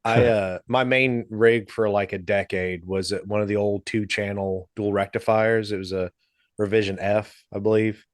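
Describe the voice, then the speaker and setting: A man hosting a video call chat about guitar rigs, relaxed and laid-back, with casual swearing. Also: lowish voice, normal speed, dry recording. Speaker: host.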